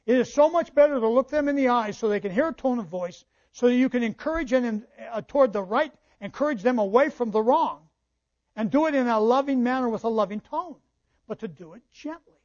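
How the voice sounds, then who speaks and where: Reading scripture aloud to his congregation, a male pastor explains it with asides as he preaches. He has a very high, animated, brisk voice with a darkish tone, heard through a dull, lo-fi church recording.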